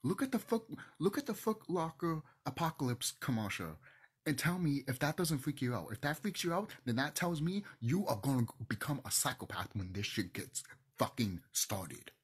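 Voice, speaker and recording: A man's voice: mid-range voice, very animated, normal speed, breathy edge. A man hosting his own channel, ranting to camera in a heated, profane, preachy way. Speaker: channel host.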